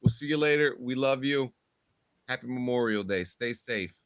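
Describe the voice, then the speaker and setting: A man's voice: mid-range voice, moderate pace, clean tone. A man hosting a podcast talks in a loose, rambling way, often repeating words as he starts a sentence. His voice sits in the middle range. The sound is dry and close, with no room echo. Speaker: podcast host. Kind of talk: casual podcast sign-off.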